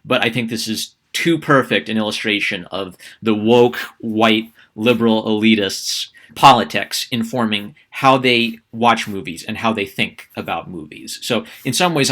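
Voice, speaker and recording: A man with a fairly low voice runs a sarcastic opinion vlog. He stumbles and restarts his sentences often, in a loose conversational way. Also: fairly bright tone. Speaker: YouTube commentator.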